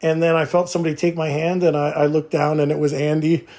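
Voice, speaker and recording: A man's voice: fairly high pitch, monotone, fast talker, a little mellow. A man telling a sheepish, self-mocking story in a voice note, laughing as he goes. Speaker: writer sending a voice note. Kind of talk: casual anecdote. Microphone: phone voice memo.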